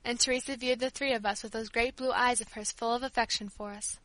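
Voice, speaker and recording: Female audiobook reader, high and bright, dry close sound, earnest storytelling. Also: steady tone, fast talker, no room sound, low-quality recording. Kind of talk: audiobook narration.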